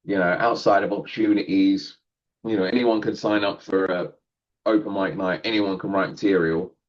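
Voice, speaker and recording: A man's voice: sits low, fairly even intonation, normal speed, dull audio. A male comedian talking casually in a podcast interview, rambling and self-deprecating, laughing often. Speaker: guest comedian.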